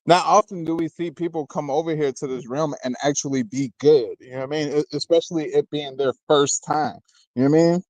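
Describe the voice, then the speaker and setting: The host speaks briskly in a fairly high, darkish voice with fairly even intonation; the rough recording has no echo. His battle rap commentary is casual and meandering, full of "you know what I mean," laughter between remarks, and banter with chat.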